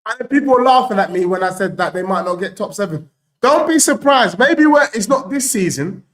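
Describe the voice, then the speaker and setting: A young man hosting a live football watchalong, bantering excitedly and reading out viewer messages. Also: high voice, brisk. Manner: excitable, animated banter, reads out super chats.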